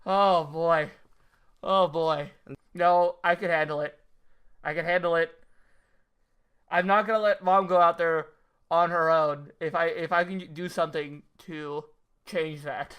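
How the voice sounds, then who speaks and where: A man's voice: on the high side, a bit bright, smooth. A man playing a tabletop game in character, hesitant and stammering.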